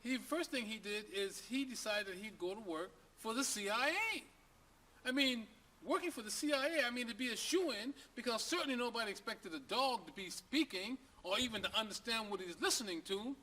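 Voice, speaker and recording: Brief: folksy male joke-teller talking to camera, high bright voice, chatty with rhetorical questions. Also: animated, moderate pace. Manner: folksy, conversational, asks the listener rhetorical questions. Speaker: storyteller.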